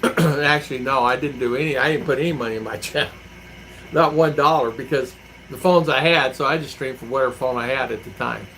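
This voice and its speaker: A man's voice: mid-range voice, fairly quick, bright, forceful tone, a little hiss or hum, rough recording. A man chatting casually on a livestream, reading out chat comments and rambling through stories with acted-out quotes. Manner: rambling storyteller who acts out quotes. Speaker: vlogger living abroad, reading live chat.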